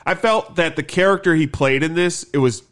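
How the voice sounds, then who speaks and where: A man's voice: on the high side, a little fast, fairly bright tone. A man co-hosting a casual talk show, rambling loosely with lots of fillers and swearing. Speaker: podcast co-host. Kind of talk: casual chat.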